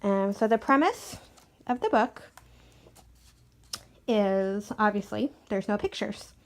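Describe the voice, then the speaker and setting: Young adult woman, parent, casual chatty book recommendation with frequent fillers, medium pitch.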